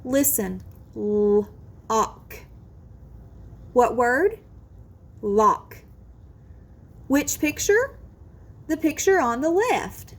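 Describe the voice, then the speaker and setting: A woman teaching a kindergarten phonics lesson, sounding out words slowly and with exaggerated care. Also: high-pitched, sing-song. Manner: drawn-out, exaggerated sounding out of words, sing-song encouragement. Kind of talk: slow, careful phonics lesson for young children.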